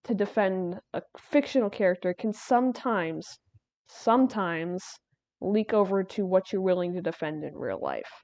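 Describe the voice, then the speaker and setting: A woman's voice: mid-range voice, lively intonation, normal speed, darkish tone, dry recording, lo-fi sound. A woman streaming while she draws, chatting casually in a rambling way, laughing and restarting her sentences. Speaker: artist streamer.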